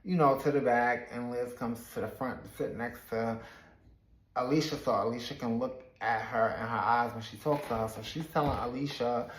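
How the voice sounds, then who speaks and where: A man with a mid-range voice and fairly even intonation recaps a reality show at a moderate pace, chatty and slangy, retelling scenes with plenty of sass. The room sounds echoey.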